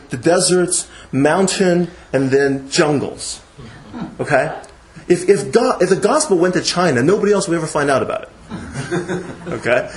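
A man lecturing to a class in a lively, halting way, often restarting his sentences and chuckling as he explains. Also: fairly high pitch, rough recording. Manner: animated, halting with frequent restarts.

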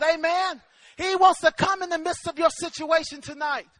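A man's voice: very high voice, fairly even intonation, normal speed, sharp tone, no room sound. A man preaching a sermon, telling a personal story with emphasis and calling out amen to the congregation.

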